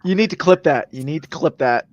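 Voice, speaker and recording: A man's voice: a little high, fairly quick, dull audio, background noise. A man hosting a wrestling podcast in casual chat, rambling with lots of fillers. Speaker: podcast host.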